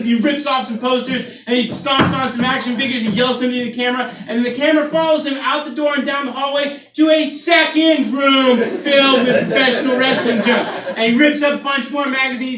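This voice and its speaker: Male stand-up comic, very high voice, animated storytelling, recorded far off in a roomy bar over a crowd. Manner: animated storytelling with shouted punchlines. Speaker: stand-up comedian. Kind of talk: stand-up comedy set. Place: comedy bar with live audience. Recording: echoey room from far off, crowd.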